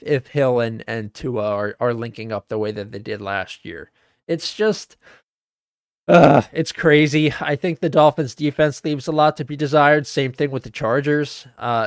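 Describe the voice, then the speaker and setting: A man co-hosting a sports podcast in relaxed, rambling chat, full of fillers and casual cursing. His voice sits at an ordinary middle pitch. The sound is dry and close, with no room to it. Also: smooth, dry recording. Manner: loose and profane, many fillers.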